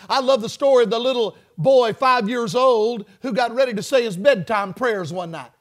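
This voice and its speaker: A man's voice: very high-pitched, moderate pace, hardly any pauses, a bit bright. A male preacher giving a revival sermon, with rhythmic, emphatic phrasing and call-and-response lines to the congregation.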